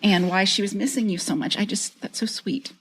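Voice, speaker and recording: A woman's voice: medium pitch, a little fast, husky, rough recording. A woman in her fifties co-hosting a podcast, affirming and emphatic toward her friend. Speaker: podcast co-host. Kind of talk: casual podcast chat.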